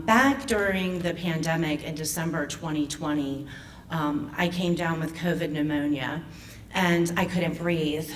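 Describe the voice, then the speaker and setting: Nervous woman telling her story, low voice. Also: far from the mic, slight background noise. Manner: nervous, emotional, halting with restarts. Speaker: foundation president and patient speaker. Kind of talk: personal story at an event. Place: event hall.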